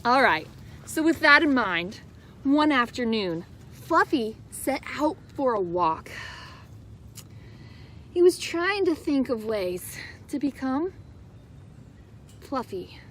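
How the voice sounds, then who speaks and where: A woman hosting a video, reading a picture book aloud in an animated, sing-song way and cooing to her pets between pages. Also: high-pitched, slow pace, pauses often, a little hiss or hum. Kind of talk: storybook read-aloud.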